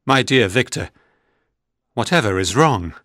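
Male reader doing a loyal young friend, gentle and worried, slow and low, dry audiobook sound. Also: lively intonation, dry recording. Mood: concerned. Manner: gentle, concerned.

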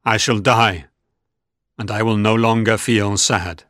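A man's voice: on the low side, fairly even intonation, a little slow, fairly bright tone, no echo, clean studio sound. A man voicing a grieving, remorseful male monster in a storybook reading, moaning and drawn out. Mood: mournful.

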